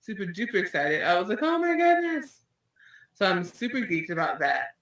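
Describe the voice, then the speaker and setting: A woman's voice: fairly low pitch, expressive, fairly quick, a bit bright. A woman hosting an online radio interview, talking in an effusive, emotional way with many restarts. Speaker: radio show host. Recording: echoey room, distant mic.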